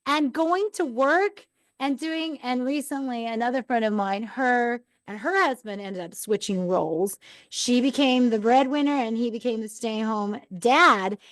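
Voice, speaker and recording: A middle-aged woman hosting a talk show, telling personal stories in a chatty, animated way. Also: fairly high pitch, unhurried, no echo. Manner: chatty, animated retellings with laughs. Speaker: podcast host. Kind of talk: casual personal storytelling.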